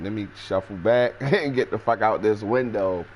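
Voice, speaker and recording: Low-voiced man telling a wild story. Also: normal speed, hardly any pauses, slight background noise. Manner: animated, profane, jumps into high-pitched quoted voices. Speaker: storyteller host. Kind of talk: casual storytelling.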